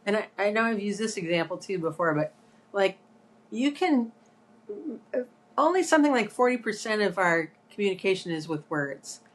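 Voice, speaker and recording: A woman's voice: medium pitch, big pitch swings, moderate pace. Woman explaining in casual chat. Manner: explanatory, gives examples. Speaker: podcast co-host.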